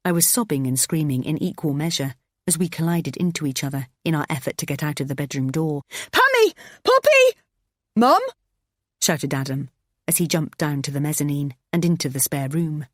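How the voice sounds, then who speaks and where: Woman narrator, expressive and tense, dry close-mic read. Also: low-pitched, fairly quick, no room sound. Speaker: audiobook narrator. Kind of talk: first-person thriller narration.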